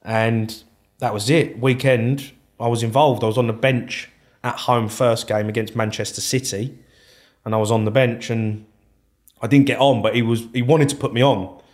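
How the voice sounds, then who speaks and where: A man, a former footballer telling stories in a casual interview, animated and swearing freely as he acts out old conversations. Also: mid-range voice, normal speed.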